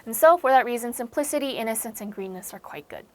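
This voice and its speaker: Brief: young American woman, vocabulary teacher, slightly high voice, chatty and explanatory with lots of fillers. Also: lively intonation, fast, hardly any pauses, darkish tone, no echo. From United States. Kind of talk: online vocabulary lecture.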